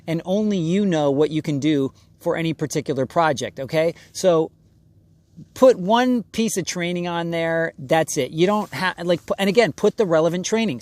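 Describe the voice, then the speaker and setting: A man's voice: a little high, dry recording. Emphatic man giving acting advice. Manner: emphatic, conversational, acts out quick voices of casting people. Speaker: acting coach. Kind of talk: direct-to-camera acting advice.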